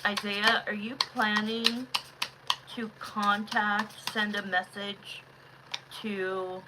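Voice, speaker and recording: A woman reading tarot on a live stream, chatting casually with viewers, calling them love and honey, with sudden loud excited bursts. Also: medium pitch, extremely slow, heavy background noise. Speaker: livestream tarot reader.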